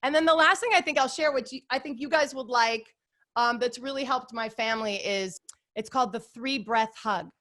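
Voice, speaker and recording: A woman in her forties talks as a podcast guest in a casual, upbeat way. She is earnest and chatty and her voice sits fairly high. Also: moderate pace. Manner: upbeat, warm, earnest with lots of "like" and "you guys". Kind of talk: casual conversational interview.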